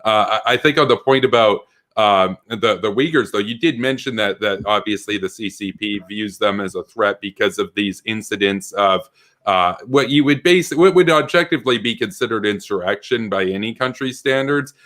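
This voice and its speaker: A man's voice: on the low side, moderate pace, a bit bright. A man hosting an online political debate, arguing emphatically and often stuttering as he restarts sentences.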